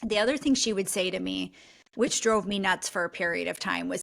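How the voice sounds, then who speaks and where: A woman talking as a podcast guest about her coaching work. Her voice has a gravelly, slightly fried texture at a middling pitch. She explains things earnestly and reflectively. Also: a little fast, a bit bright. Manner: earnest, reflective, often tags "right?". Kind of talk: conversational podcast interview.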